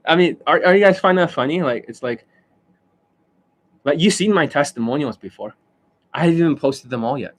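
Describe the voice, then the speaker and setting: A middle-aged dating coach with a slightly high, expressive voice speaks a little fast, with long pauses. In a loose, boastful live-stream rant he swears freely and keeps bursting into laughter.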